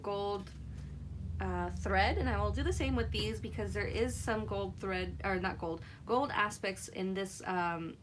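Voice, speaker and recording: A woman's voice: mid-range voice, unhurried, noisy background. A woman who is a mother hosts a live craft demo, chatting casually with viewers and laughing often between remarks. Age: adult mother. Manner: chats with viewers while working. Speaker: craft livestream host.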